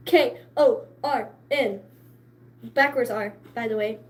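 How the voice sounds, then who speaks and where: A woman vlogger chatting casually to camera, excitable and chatty, laughing often between stories. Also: a little high, takes it slowly, slight background noise.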